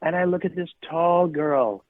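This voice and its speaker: A man's voice: a little high, unhurried, no room sound. A middle-aged man co-hosting a podcast, telling stories in an emphatic, casual way and repeating phrases for punch. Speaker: podcast co-host. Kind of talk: casual storytelling chat. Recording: tinny phone-like line.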